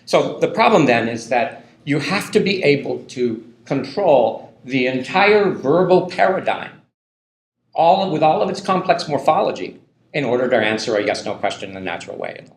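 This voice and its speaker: In an echoey lecture hall, a man with a mid-range, sing-song voice gives a university linguistics lecture at normal speed. His delivery is loose and conversational, full of ums and tag questions.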